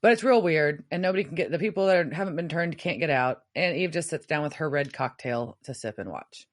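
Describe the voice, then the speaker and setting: A woman's voice: low voice, brisk. A young adult woman, a podcast co-host, recapping a TV episode in casual chat with wry asides. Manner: animated storyteller, wry asides.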